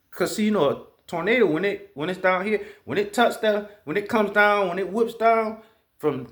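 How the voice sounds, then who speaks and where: A man telling stories in a casual monologue, profane and animated, imitating the sounds he describes. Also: high-pitched. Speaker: vlogger.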